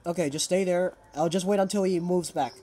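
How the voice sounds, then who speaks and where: A man's voice: high voice, fairly even intonation, fairly quick, dark tone. A young man giving casual gaming commentary, jittery and breaking into panicked outbursts. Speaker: game player.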